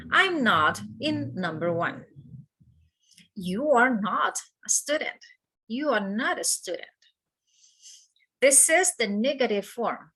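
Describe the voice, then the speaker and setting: A woman teaching an English grammar lesson, repeating example sentences slowly and carefully. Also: fairly high pitch, sharp tone, breathy edge. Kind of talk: slow English grammar lesson with Spanish explanations.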